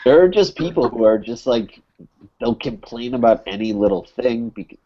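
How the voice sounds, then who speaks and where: With lively intonation and a medium pitch, a young Connecticut man rambles through a long podcast story, cursing freely and saying "like" whenever he pauses. It's a dull, lo-fi podcast recording.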